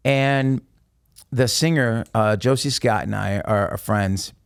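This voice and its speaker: A man's voice: fairly low pitch, slow pace, vocal fry, clean tone, no room sound, studio quality. A man telling stories casually and emphatically as a podcast guest. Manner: animated, emphatic storyteller. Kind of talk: casual storytelling.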